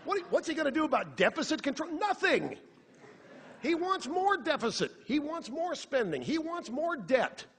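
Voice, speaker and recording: A man giving a live political monologue on a theater stage, animated, sarcastic and rhetorical. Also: extremely high pitch, moderate pace. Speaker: radio talk show host on stage. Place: theater stage before an audience. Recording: long reverb of a theater hall.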